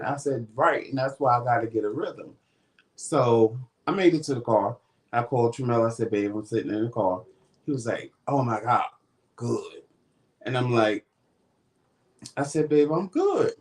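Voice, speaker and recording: A man's voice: medium pitch, lively intonation, normal speed, long pauses. A man hosting a vlog, casually retelling a story and acting out the quoted dialogue. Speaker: vlog host.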